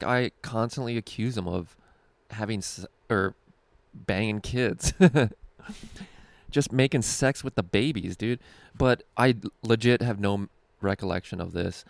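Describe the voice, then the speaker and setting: A man's voice: fairly low pitch, gravelly, no echo. A young man, a stand-up comedian, telling a rambling, profane story with frequent "like" and laughter. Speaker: stand-up comedian and show co-host. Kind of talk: casual storytelling.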